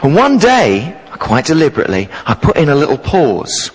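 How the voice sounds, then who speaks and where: A man preaching a sermon as the new vicar, telling lively stories from his teaching days to the congregation. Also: on the high side, normal speed, breathy edge, big-room sound, rough recording. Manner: jovial, animated storyteller. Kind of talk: sermon with storytelling. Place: church.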